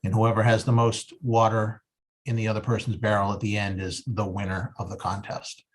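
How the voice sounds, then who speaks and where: Earnest fire chief, lowish voice. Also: male voice, level tone. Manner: earnest, halting, with many 'um's and restarts. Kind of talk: public meeting presentation.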